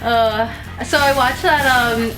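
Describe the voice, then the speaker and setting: Chatty higher-voiced woman gamer. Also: steady tone, takes it slowly, over music, poor audio. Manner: rambling, chatty, laughs often. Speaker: let's play co-host. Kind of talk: casual chat while gaming.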